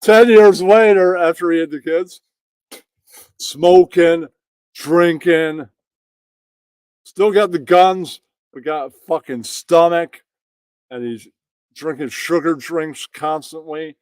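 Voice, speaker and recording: Male host, mocking profane rant, higher voice, dry close mic. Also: takes it slowly, long pauses, darkish tone, smooth, no room sound. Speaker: stream host reacting to clips. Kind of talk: crude comedic rant.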